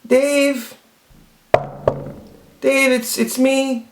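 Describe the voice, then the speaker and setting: A man voicing a young woman pleading through a door, high-pitched and insistent. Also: flat delivery, very slow, echoey room, very noisy, full character voice. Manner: insistent, wheedling.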